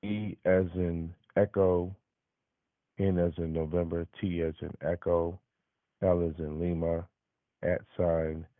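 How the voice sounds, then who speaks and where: A man calling to place an order, giving terse answers and spelling letters out slowly. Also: low voice, little pitch movement, no room sound. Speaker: caller placing an order. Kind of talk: phone call. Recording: tinny phone line.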